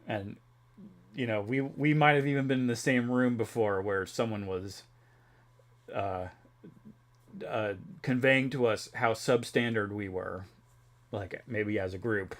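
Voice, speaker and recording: A man's voice: on the low side, a little slow, long pauses. A young man chatting casually on a live stream, rambling with many fillers and restarts and laughing often. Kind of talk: casual chat.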